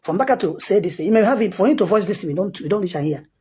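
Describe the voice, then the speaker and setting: A man's voice: high voice, expressive, rapid-fire, a little mellow, slightly rough. A man with a Nigerian accent, a self-styled prophet, giving a heated, insistent commentary monologue that circles back on its points.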